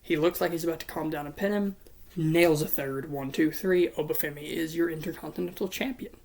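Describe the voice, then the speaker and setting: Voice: mid-range voice, fairly quick, darkish tone. A wrestling booking commentator giving a casual solo talk, narrating imagined matches in a blunt, profane, playful way.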